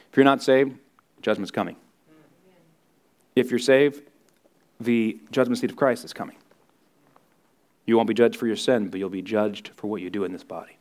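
A man preaching a Sunday sermon as pastor, earnest, dropping to hushed tones in prayer and rising for emphasis. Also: on the low side, normal speed, pauses often.

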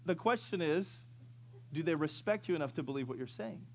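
A man's voice: fairly high pitch, lively intonation, a little fast. A man in his fifties preaching a sermon, who tells funny stories and asks the congregation questions. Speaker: pastor.

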